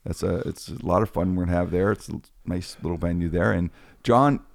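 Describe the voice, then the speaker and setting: A man hosting a casual talk show, chatty and quick to interject with enthusiasm. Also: low-pitched, gravelly, no echo, clean studio sound. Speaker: host. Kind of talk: casual podcast chat.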